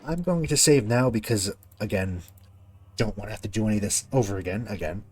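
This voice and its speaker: A man's voice: fairly low pitch, a little fast, darkish tone, slightly rough. A man streaming a video game, chatting casually with viewers and swearing when a fight goes badly. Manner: talks to viewers while playing. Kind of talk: casual gameplay commentary.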